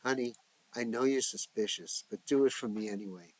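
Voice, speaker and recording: A man voicing a middle-aged mother who speaks calmly, firmly and tenderly. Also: mid-range voice, brisk, close to an everyday voice. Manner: calm, firm and tender.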